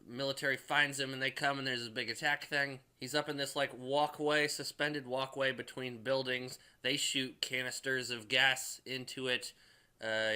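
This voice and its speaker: A man recaps a movie in a loose, rambling way, with plenty of filler and profanity. His voice is bright and edged, sitting at a middling pitch. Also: smooth. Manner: rambling, heavy on "like" and swearing. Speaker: movie reviewer.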